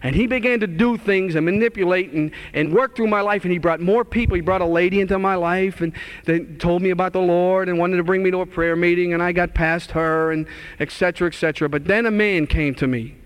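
A middle-aged preacher man telling his own story from the pulpit, high-pitched and fervent. He rises in pitch and volume when he acts out old conversations, and then he leans into earnest exhortation. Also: fairly even intonation, a little fast, clean tone. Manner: impassioned, acts out dialogue in a raised voice. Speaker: minister giving his testimony. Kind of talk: testimony sermon to a live audience.

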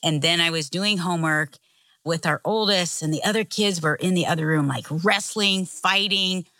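A middle-aged woman co-hosting a casual chat, telling a story with animated energy and frequent laughs. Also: lowish voice, moderate pace, dry recording. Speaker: co-host.

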